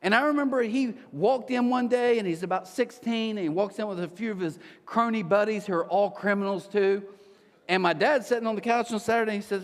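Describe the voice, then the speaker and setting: A man preaching a casual, animated sermon who acts out the voices of the people in his stories. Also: high voice, a little fast. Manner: animated storytelling, acting out voices. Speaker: pastor. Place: church auditorium. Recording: long hall reverb.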